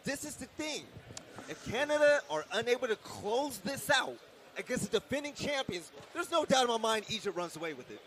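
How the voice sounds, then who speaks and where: A man's voice: extremely high pitch, big pitch swings, a little fast, fairly bright tone. A man from the United States hosting a live esports broadcast, announcing results with hyped enthusiasm. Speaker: esports event host. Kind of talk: live esports desk commentary. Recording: music under the broadcast.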